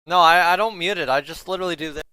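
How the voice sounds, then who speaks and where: Male fan streamer, casual and rambling, bright clear voice on a dry close headset mic; live chat to viewers. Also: on the high side, rapid-fire, dry recording. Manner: rambling, talks to the chat, stumbles over names. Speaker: fan streamer reacting to a hockey game. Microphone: headset mic he flips up to mute.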